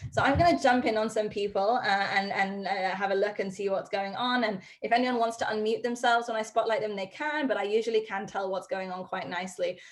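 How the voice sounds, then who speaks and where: A woman dog trainer teaching a live online class over a video call from her home study, upbeat and chatty with frequent ums. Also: medium pitch.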